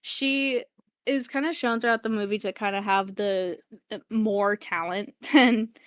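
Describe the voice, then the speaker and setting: A woman's voice: mid-range voice, steady tone, unhurried, a bit bright, dry recording. A woman co-hosting a podcast, chatting casually and hesitantly, often trailing off and losing her thread. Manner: hesitant, many fillers, loses her train of thought. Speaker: podcast co-host. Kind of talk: casual movie chat.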